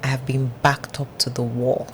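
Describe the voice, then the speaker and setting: A woman with a low voice talks through her faith in a relaxed conversation. She tells her stories earnestly and plays out the back-and-forth in different voices. A faint hum of room sound sits behind her. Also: normal speed. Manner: earnest, animated storyteller who acts out dialogue. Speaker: podcast guest.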